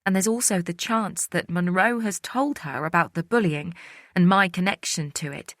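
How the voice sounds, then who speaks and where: A woman with a lowish voice narrating a suspense audiobook in the first person. Her delivery is measured and introspective, recorded close with a dry, roomless sound. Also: fairly bright tone, no echo.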